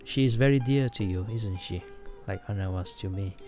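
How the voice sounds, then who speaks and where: A man voicing a grieving young prince from a game, quiet and subdued. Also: fairly low pitch, moderate pace, faint music behind, pitched below the performer's own voice, lightly acted. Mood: sorrowful. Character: grieving young male prince, soft-spoken.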